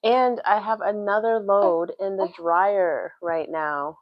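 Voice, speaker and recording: A woman's voice: medium pitch, steady tone, slow pace, no room sound, dull audio. A young woman vlogging from home in a casual livestream, chatting about parenting with lots of "like" fillers. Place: home, doing chores. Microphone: livestream mic.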